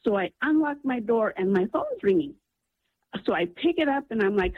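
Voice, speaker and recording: A woman's voice: on the high side, lively intonation, moderate pace, breathy edge, dry recording. Woman caller on a tinny phone line. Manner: earnest, breathless storytelling with many ums. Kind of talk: phone-in storytelling.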